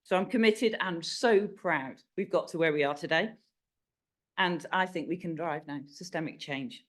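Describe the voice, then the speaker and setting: A woman's voice: fairly low pitch, normal speed. A woman speaking for a corporate sponsor at a launch event, making an emphatic, rallying speech and repeating key words.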